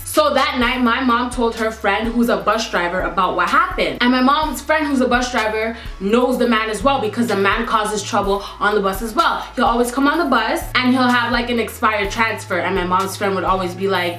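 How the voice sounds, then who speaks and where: A young woman telling a vlog story in an animated, emphatic way, repeating lines for effect. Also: a little high, a little fast, few pauses. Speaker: vlogger. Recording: echoey room with faint music.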